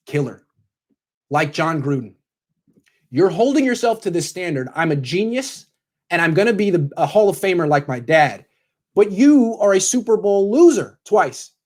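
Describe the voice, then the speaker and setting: A man doing sports opinion commentary, bluntly lecturing a coach directly in the second person. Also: sits high.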